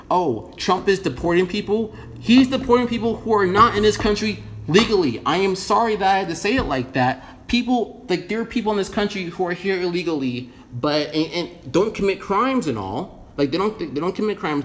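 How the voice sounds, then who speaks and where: Blunt, swearing American man ranting. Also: a little high. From United States. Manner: profane, blunt and rambling, swears constantly. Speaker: vlogger. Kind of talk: casual opinion rant to camera.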